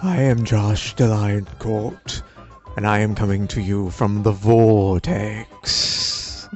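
A man's voice: lowish voice, fairly even intonation, takes it slowly, muffled recording, soft background music. A man co-hosting a podcast, making wry jokes in casual chat. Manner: wry, joking. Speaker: podcast co-host. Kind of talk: casual banter.

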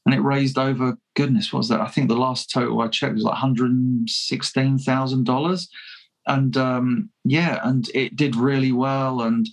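A man talks through a long story in a relaxed interview, husky and a little breathy. His pitch sits in an ordinary middle range. He rambles with lots of false starts and quick chuckles. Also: rough recording. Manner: chatty, self-deprecating, laughs often, many restarts. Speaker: fan filmmaker guest.

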